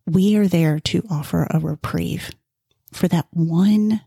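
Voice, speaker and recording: A woman with a low, husky voice talks as a podcast guest, eager and emotional. She restarts her sentences often as she tells stories, and the sound is dry and close. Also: slow, dark tone, dry recording. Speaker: volunteer organizer, guest. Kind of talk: casual interview storytelling.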